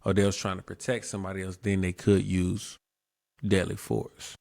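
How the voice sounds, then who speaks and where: A man's voice: low voice, monotone, normal speed, gravelly, darkish tone, no room sound, clean studio sound. A man hosting his own show, giving casual commentary in an emphatic way, repeating his points and asking rhetorical questions. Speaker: show host.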